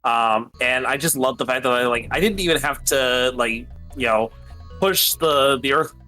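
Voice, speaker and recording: Laid-back male co-host, bright tone, light music in the background. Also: mid-range voice, moderate pace, low-quality recording. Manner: easygoing, laughing, agreeable. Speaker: stream co-host. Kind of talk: casual chat while watching a game stream.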